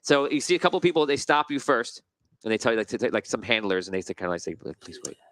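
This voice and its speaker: Brief: chatty game master, bright, forward tone, rambling and self-correcting. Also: male voice, medium pitch, lively intonation, fast, no room sound. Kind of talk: narrating a tabletop game.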